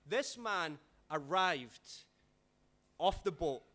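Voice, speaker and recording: Man, pastor, lively sermon storyteller, pitched a bit high. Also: extremely slow. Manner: animated, dramatic swings in loudness.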